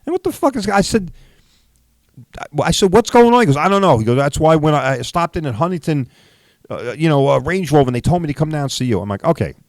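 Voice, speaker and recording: This middle-aged podcast host, who also owns a body shop, tells a story fast in a sing-song voice on the high side. It comes out as a profane, emphatic rant with frequent "right?" checks, recorded with no echo.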